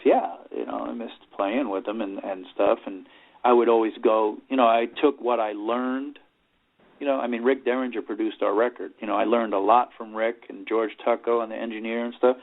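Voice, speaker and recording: A middle-aged man from New York, an interview guest and rock singer, telling stories in a loose, rambling way and filling gaps with "you know". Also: mid-range voice. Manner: rambling, leans on "you know", acts out quoted voices. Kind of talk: casual storytelling interview. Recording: tinny phone-like sound.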